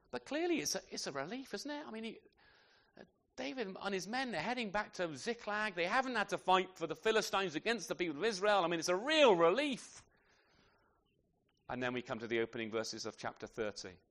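High, lively male preacher. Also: brisk. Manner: conversational, with frequent rhetorical tag questions. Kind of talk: sermon.

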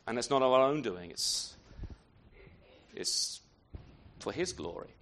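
A man's voice: medium pitch, lively intonation, takes it slowly, a bit bright. A man preaching a sermon in an unscripted way, often restarting phrases and asking rhetorical questions.

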